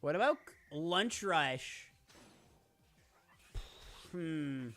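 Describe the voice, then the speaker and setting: A man's voice: high-pitched, pushed and bright. A man streaming live in casual chat, rambling playfully with lots of "like" and restarts while he answers viewers.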